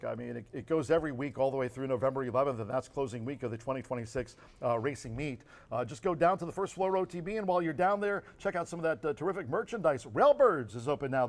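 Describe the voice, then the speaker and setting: A man co-hosting a track's horse racing show, racing through results and promotions at a quick clip. He rambles a little and leans on fillers, keeping the tone of an easy casual chat. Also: mid-range voice. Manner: fast, rambling, with many fillers.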